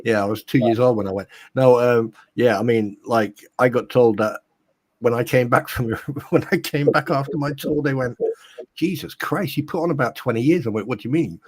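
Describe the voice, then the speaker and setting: An army veteran man with a deep, raspy voice, telling war stories in lively casual chat. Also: normal speed, no room sound. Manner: lively anecdotes with laughs and acted dialogue. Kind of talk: casual storytelling.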